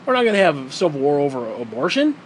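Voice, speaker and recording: A man's voice: on the high side, big pitch swings, quick pace, slight background noise, poor audio. A man ranting in a profane, heated monologue, sarcastic and mocking, swearing constantly. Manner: mocks others in put-on quoted voices. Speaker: vlogger.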